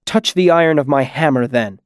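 Narrator doing loud high-pitched shouting smith, bossy and scared underneath, dry close mic. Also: male voice, a little fast, clear, resonant tone, no echo, lightly acted. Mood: suspicious. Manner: yelling, demanding. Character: burly male village smith, fearful but bold.

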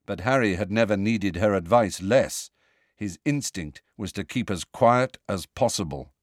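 A man narrating an audiobook with an expressive, steady reading. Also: on the low side, a little slow, no room sound, studio quality.

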